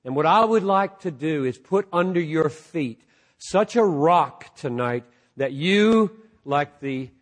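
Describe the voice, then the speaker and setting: A man preaching a sermon to a live audience with passion, dropping to a hush and then rising almost to a shout. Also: a little high, lively intonation, slow pace. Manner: impassioned, swinging from hushed to near-shouting. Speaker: pastor.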